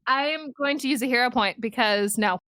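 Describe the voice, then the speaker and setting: A woman's voice: on the high side, fairly quick, sharp tone, clean tone, dry recording, clean studio sound. A woman playing a tabletop game in a haughty, clipped manner. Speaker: player.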